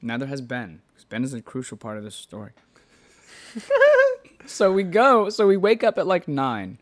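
A man hosting a podcast, telling a story in casual chat, animated, laughing often and swearing freely. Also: mid-range voice, moderate pace. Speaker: podcast host.

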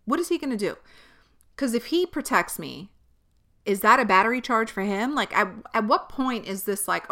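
A woman's voice: fairly high pitch, lively intonation, normal speed, gravelly, sharp tone. A young woman hosting a podcast, venting in an exasperated, profane way. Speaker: podcast host. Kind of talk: candid solo podcast monologue.

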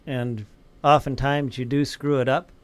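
Calm, advice-giving man. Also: medium pitch, measured pace, clear, resonant tone. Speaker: guest mentor. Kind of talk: casual round-table talk.

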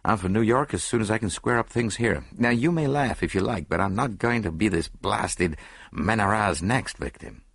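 A man's voice: lowish voice, expressive, normal speed, gravelly, a bit bright, husky, dry recording, pitched above the performer's own voice, heavily acted. A man voicing a nervous young male secretary in an audiobook, talking in a rambling way.

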